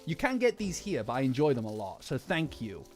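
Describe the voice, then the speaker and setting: A man chatting casually on a live stream, excitable and quick to swear, with loud gasps and exclamations. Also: medium pitch. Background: faint background music.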